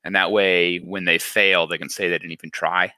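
A man's voice: sits low, flat delivery, moderate pace, sharp tone, dry recording. A man hosting a casual chat, talking in a reflective, encouraging way. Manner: reflective, encouraging, thinks aloud.

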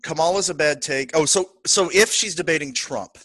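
A man co-hosting a podcast, chatting casually and with strong opinions about politics, often slipping into quick impressions of the people he talks about. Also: on the high side, no echo. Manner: opinionated, animated, quotes people in put-on voices. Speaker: podcast co-host.

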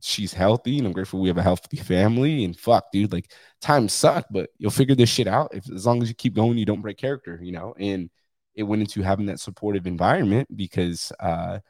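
Blunt, profane man with a deep voice. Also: fast talker, darkish tone, dry recording. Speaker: podcast host. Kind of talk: candid solo podcast monologue.

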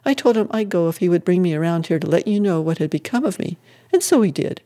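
A reader voicing a lively, good-natured widow who speaks in a chirpy, teasing way in a storybook reading. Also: mid-range voice, fast talker, lightly acted. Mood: cheerful.

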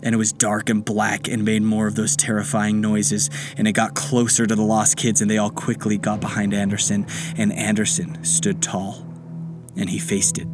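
A man narrating a children's bedtime story in a gentle, unhurried way. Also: on the low side, monotone, over music.

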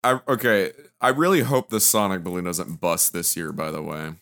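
Bright-voiced laughing man chatting. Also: deep voice, animated, moderate pace. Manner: laughs often, jokey, quotes game lines. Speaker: podcast co-host. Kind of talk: casual chat.

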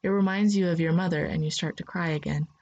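Husky low woman narrating a story. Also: fairly even intonation, quick pace, darkish tone, dull audio. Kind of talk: second-person story reading.

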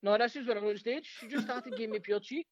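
Fast-talking Scottish man, high voice. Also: dry recording, dull audio. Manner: rapid, profane, laughing anecdotes. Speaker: comedian. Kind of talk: casual storytelling.

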